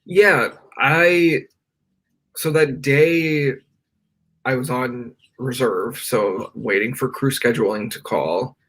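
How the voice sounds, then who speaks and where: Calling in remotely from his bedroom, a young podcast guest shares a candid personal story during a live interview. He speaks slowly in a mid-range, fairly bright voice, rambling earnestly and leaning on "like" as a filler.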